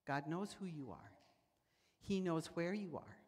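A husky, fairly low female voice, unhurried, belongs to a preacher giving a sermon in a church sanctuary. She tells stories and animatedly performs the voices of people in quotes, with church hall reverb on the recording.

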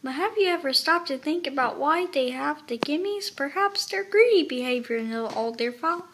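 A woman voicing a calm, firm bear mother from a storybook who explains things in a measured way. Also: high-pitched, a little hiss or hum.

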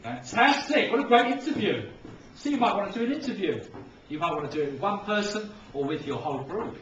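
A man's voice: high voice, big pitch swings, fairly quick, fairly bright tone. Upbeat man teaching in an echoey hall. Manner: upbeat, encouraging, demonstrates with acted examples. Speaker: museum educator. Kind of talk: teaching young children. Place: large museum hall. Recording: echoey, distant, muffled, noisy.

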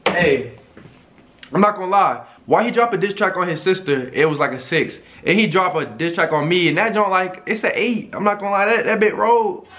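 Animated, slangy male YouTuber. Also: high voice, brisk, a little hiss or hum. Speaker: YouTuber reacting to a video. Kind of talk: casual reaction commentary.

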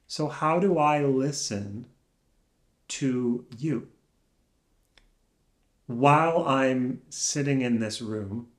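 A man musing aloud alone in a room, soft-spoken and searching, speaking in halting phrases that trail off into pauses. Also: mid-range voice. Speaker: vlogger. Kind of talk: slow reflective musing.

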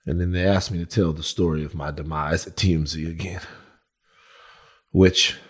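Male podcast co-host, low voice, playful casual banter. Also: fairly even intonation, normal speed, slightly rough. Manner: playful, sings his own jingles loudly. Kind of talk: casual chat.

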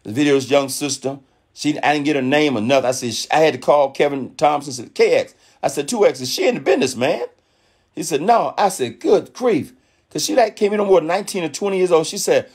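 A man giving a fired-up motivational talk to his network marketing team, preachy and animated, acting out other people's voices in quotes. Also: on the high side, fairly quick, husky. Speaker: network marketing leader speaking on a call.

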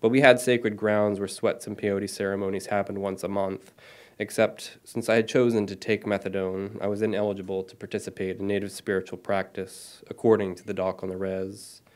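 Author in his thirties reading own story, lowish voice, self-deprecating, steady delivery. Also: a little fast. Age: 30s.

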